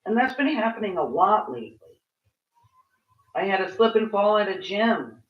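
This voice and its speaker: A woman's voice: medium pitch, very animated, normal speed. A woman ranting casually and frankly to camera, swearing freely as she vents. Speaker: vlogger. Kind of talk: casual rant. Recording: roomy, distant, dull sound.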